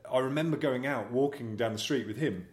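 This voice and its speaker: A man's voice: mid-range voice, a little fast. Chatty man telling anecdotes in an echoey room. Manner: chatty, rambling anecdotes with self-deprecating humour. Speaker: guest actor. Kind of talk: casual interview storytelling.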